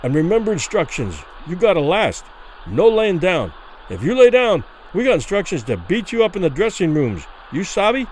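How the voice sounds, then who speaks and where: A man voicing a gruff boxing second who gives blunt, menacing orders in street slang, within a dramatic story reading. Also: high-pitched, sing-song, moderate pace, a little hiss or hum, poor audio. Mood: threatening.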